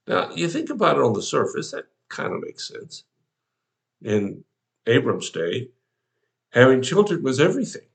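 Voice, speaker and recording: A man's voice: mid-range voice, sing-song, normal speed, gravelly, long pauses. A man, an older pastor, giving a devotional sermon in a folksy, conversational way, talking straight to the listener.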